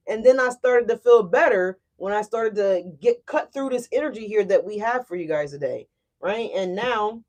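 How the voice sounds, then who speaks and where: A woman giving a casual tarot reading to her viewers, animated and emphatic. She often checks in with "right?" and swears freely. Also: mid-range voice, moderate pace. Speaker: tarot reader.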